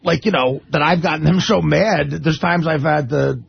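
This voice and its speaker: A man co-hosting a radio talk show, talking in a halting, rambling way with many restarts. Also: on the high side, gravelly, slightly rough, no room sound. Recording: dull, dry radio studio sound.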